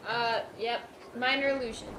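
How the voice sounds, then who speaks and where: High-voiced woman player over loud noise. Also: fairly even intonation, moderate pace, distant mic. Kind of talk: casual tabletop play.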